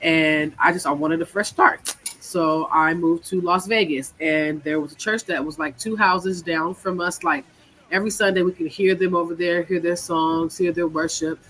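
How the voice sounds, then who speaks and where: A woman from California, stuffy from a cold, hosting her podcast and telling her personal story in a candid, halting way full of fillers. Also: lowish voice, fairly even intonation, a bit bright, slight background noise. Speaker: podcast host.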